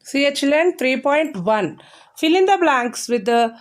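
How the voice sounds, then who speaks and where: A woman's voice: high voice, lively intonation, measured pace, far from the mic. A woman teaching a grammar lesson to young children, repeating key phrases and answering her own questions. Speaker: primary school English teacher.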